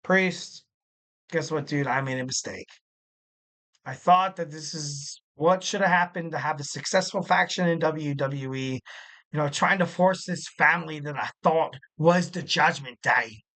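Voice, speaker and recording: A man putting on a deliberately bad Irish accent to voice a male wrestler admitting he made a mistake. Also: a little high, sharp tone. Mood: regretful. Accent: put-on Irish. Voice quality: exaggerated, clumsy accent impression.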